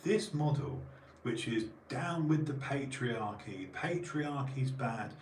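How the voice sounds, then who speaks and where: A man's voice: medium pitch, expressive, slow pace, far from the mic. A man hosting a podcast, ranting emphatically with many restarts. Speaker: podcast host. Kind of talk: casual podcast chat. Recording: roomy sound from off mic, faint noise.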